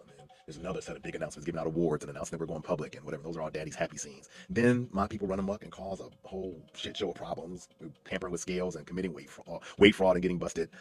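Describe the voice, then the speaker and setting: A deep-voiced man talks in a casual livestream monologue, racing through his stories. He is animated, often stopping and restarting mid-sentence with plenty of "you know" fillers. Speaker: lawyer and stage actor, livestream host. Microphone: livestream mic.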